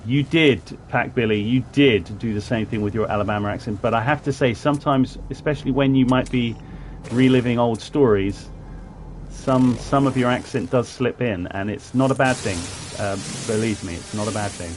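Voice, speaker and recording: A man from southwest England talks through a game on a live stream with a middle-pitched voice. He rambles, corrects himself and stops to greet viewers in chat. A faint hiss sits behind him. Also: normal speed. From Plymouth, southwest England. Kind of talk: casual live-stream gameplay commentary.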